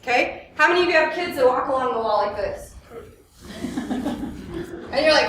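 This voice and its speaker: High-voiced woman lecturing in an echoey room. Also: moderate pace, pauses often, background noise. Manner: lively, asks the audience questions, acts out quotes. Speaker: therapist and workshop presenter. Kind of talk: live workshop lecture to an audience. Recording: echoey room, mic at a distance.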